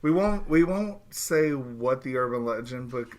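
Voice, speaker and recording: A man's voice: mid-range voice, expressive, unhurried, darkish tone. A man co-hosting a podcast, agreeable and a little hesitant, often restarting his sentences. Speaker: podcast host. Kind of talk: casual chat.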